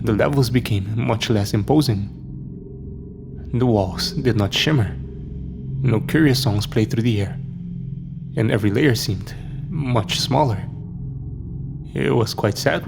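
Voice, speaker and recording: In a lowish, gravelly voice, a man narrates a scripted horror story in the first person. He tells it dramatically and voices each character's lines himself.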